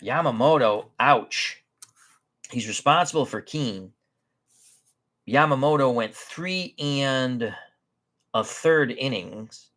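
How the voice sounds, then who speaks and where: Man, tabletop baseball play-by-play, unhurried, chatty, mid-pitched voice. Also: expressive, a bit bright. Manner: chatty, unhurried, self-correcting. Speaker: tabletop baseball game host. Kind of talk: play-by-play commentary of a dice baseball game.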